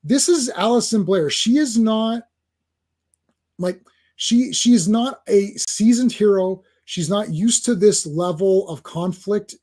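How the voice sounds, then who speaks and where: High-voiced excitable male comic reviewer. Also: slow. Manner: excitable, rambling with fillers and restarts. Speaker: comic book reviewer host. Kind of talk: casual comic review chat.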